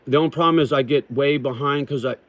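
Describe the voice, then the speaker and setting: A middle-aged man at a mid pitch, chatting casually on a livestream. He reads viewer comments out slowly and answers them plainly. His talk is rough, with frequent swearing, and he calls his viewers brother. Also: no echo. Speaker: livestream host reading chat.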